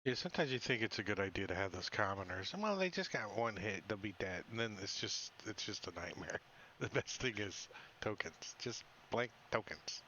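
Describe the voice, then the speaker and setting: A man's voice: lowish voice, lively intonation, moderate pace, bright, forceful tone, no echo, muffled recording. A man playing a tabletop game in a playful way, talking through his moves over a voice call. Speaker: player. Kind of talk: casual tabletop play.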